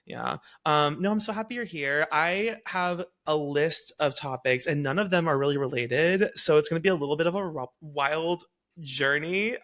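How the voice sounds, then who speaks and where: A man's voice: fairly high pitch, moderate pace, a bit bright. A chatty man hosting a casual podcast, giggly and tripping over his words, with an accent mixing Valley girl and New York speech. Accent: mix of Valley girl and New York. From Texas. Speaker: podcast host.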